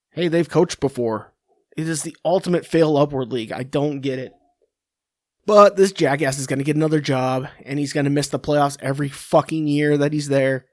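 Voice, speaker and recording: A sports podcast host rants crudely and sarcastically into a computer mic in his home office. His voice is fairly high with a darkish tone, and the studio-clean audio has no room sound.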